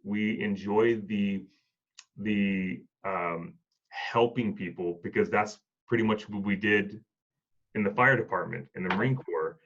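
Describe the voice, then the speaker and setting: Low-voiced man telling stories, lo-fi. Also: measured pace, a bit bright. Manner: reflective, acts out dialogue in stories. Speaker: hospice and home health worker, former Marine. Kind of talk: casual storytelling conversation.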